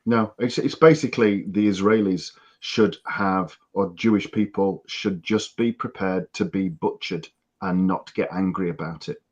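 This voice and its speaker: Man from the UK, very deep voice, earnest disapproving chat, dull lo-fi sound. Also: fairly even intonation, unhurried, a little mellow. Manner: earnest, disapproving, many restarts. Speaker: podcast co-host. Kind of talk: casual chat. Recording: dull lo-fi audio.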